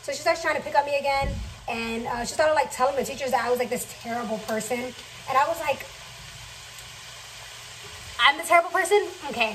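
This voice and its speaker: A young woman telling a chatty, fast storytime while cooking in her kitchen, swearing freely. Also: high-pitched, recorded from a distance, slight background noise, low-quality recording. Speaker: vlogger. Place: home kitchen.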